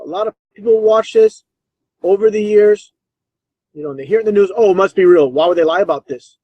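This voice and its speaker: A man's voice: fairly high pitch, mellow, dry recording, lo-fi sound. A man giving scornful, insistent commentary over old clips. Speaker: video commentator.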